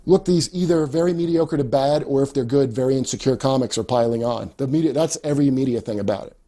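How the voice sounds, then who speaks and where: A man's voice: medium pitch, fast talker, warm tone. A man talking casually on a podcast, rambling and swearing as he laughs at his own jokes. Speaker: comedian guest.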